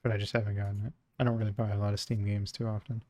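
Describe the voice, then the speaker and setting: A man's voice: on the low side, flat delivery, racing, mellow. A man streaming and chatting casually, muttering to himself and swearing offhand as he browses.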